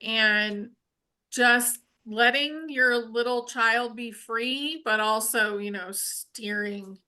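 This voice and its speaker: A woman co-hosts a relaxed spiritual conversation in a sharp, bright voice pitched a little high. She is earnest and candid, and she shares from her own life. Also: takes it slowly. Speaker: spiritual healing podcast co-host. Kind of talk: casual spiritual chat.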